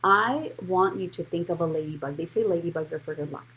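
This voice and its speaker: A financial coach hosts a live-streamed motivational talk about money, speaking bluntly yet encouragingly and answering viewers' comments by name. Her voice sits on the low side with a fairly bright tone, and she talks fairly quickly. The audio quality is poor.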